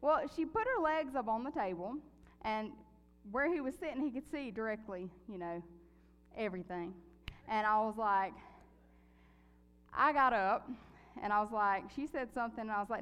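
Woman preacher, lively testimony, higher voice, echoing hall. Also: normal speed, long pauses, clean tone, faint music behind. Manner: animated storytelling, laughs often. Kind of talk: sermon with personal testimony.

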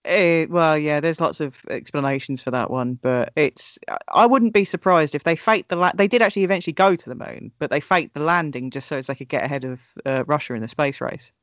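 A man's voice: a little high, a little fast, few pauses, fairly bright tone, dry recording, dull audio. A man hosting a podcast in casual chat, talking loosely with restarts and frequent laughter. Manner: chatty, laughs often, restarts and trails off. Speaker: podcast host.

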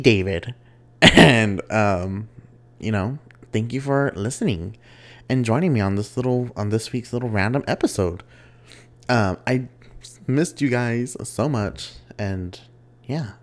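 Young guy doing his podcast alone, kinda low voice but super lively, laughs a lot and rambles. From West Texas. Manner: chatty, giggly, animated storytelling. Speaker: podcast host. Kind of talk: casual solo podcast chat.

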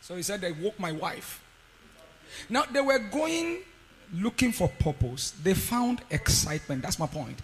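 A man preaching a sermon, telling a story with sudden shouts and quiet asides. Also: high voice, very animated, moderate pace, long reverb tail, rough recording. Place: conference hall.

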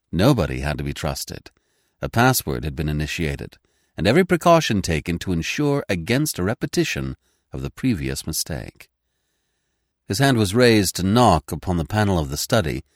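Animated low-voiced male storyteller. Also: no echo, clean studio sound. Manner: animated, voicing each character in turn. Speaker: narrator. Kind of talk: scripted audiobook narration.

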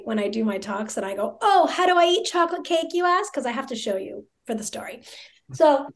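A woman in her thirties, a podcast guest, telling a story in a chatty, excitable way full of filler words. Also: on the high side. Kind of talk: casual storytelling.

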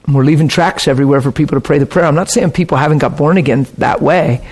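A man's voice: fairly high pitch, fast, a little mellow, breathy edge. A man preaching a conversational sermon, telling stories with casual, emphatic asides.

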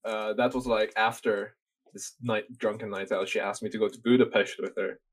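A young man from Norway talks loosely and at length, his voice sitting on the lower side. He rambles with plenty of fillers and swear words, in an easy chat between friends. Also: steady tone, moderate pace, low-quality recording. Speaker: podcast guest telling a story. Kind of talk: casual chat.

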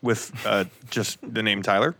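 A man's voice: lowish voice, steady tone, unhurried, pushed and bright, dry recording. A man co-hosting a podcast in casual chat, full of jokes and ribbing. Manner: joking, ribbing. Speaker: podcast co-host.

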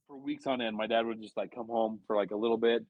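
A man's voice: lowish voice, fast, no echo, phone-quality sound. A man in his late twenties, a podcast guest, chatting casually and joking as he tells stories. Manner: joking, animated storyteller.

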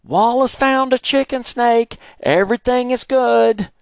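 A man voicing a rural father who reassures his family and neighbor, loud and carrying when he calls out. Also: fairly low pitch, moderate pace, dry recording, studio quality, lightly acted. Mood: calling out.

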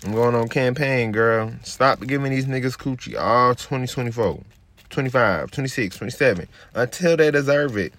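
With a fairly bright tone at a normal speed, a twenty-something man rants on his podcast, brash, casual, and profane. He eases into a low, relaxed murmur while rolling a blunt.

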